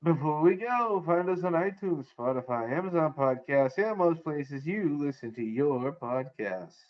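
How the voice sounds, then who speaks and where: Slow-talking high-voiced man teasing. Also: expressive, highs cut off. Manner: teasing, laughs often. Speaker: podcast co-host. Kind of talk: casual podcast chat.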